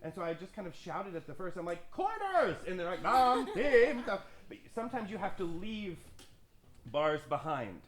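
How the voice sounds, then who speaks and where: A man conducting a youth orchestra rehearsal, counting beats, singing parts and giving brisk, joking instructions. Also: sits high, expressive, a bit bright. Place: concert stage with orchestra. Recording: roomy stage, orchestra nearby.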